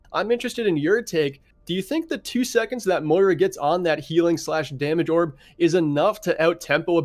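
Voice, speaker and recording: A young man giving analytical esports commentary, breaking down team fights and asking his co-caster questions. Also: on the high side.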